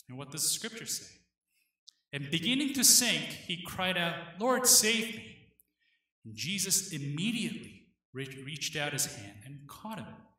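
A man, the pastor, preaching an earnest sermon with dramatic pauses. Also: a little high, pushed and bright, very echoey, far from the mic.

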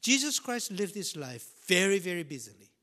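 Guy preaching a sermon, high voice, really lively, drops to whispers then gets loud. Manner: dramatic swings from loud emphasis to hushed whispers; slow, deliberate delivery with repetition.

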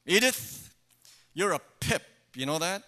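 An exasperated, scornful working-class TV father, put on by a man mid-sermon. He sneers at his wife with a bright, forceful edge. The delivery is short and dismissive. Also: high voice, lively intonation, unhurried, voice pushed up, full character voice.

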